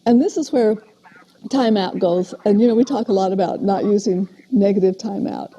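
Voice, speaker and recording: An older woman, a parent educator, giving a steady, explanatory lecture on parenting in a recorded talk. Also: mid-range voice, normal speed, husky. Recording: dull lo-fi video playback.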